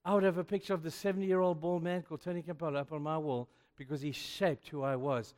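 A man's voice: on the high side, steady tone, fast, darkish tone. A man preaching a sermon to young people, emphatic and chatty, often saying "you know". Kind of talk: youth sermon. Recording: echoey hall.

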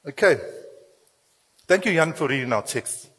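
A man preaches in a church hall, his voice a little husky as it rings out with a long reverb. He talks in a lively, joking way and throws in playful asides. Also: fairly high pitch, normal speed. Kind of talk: sermon with church announcements.

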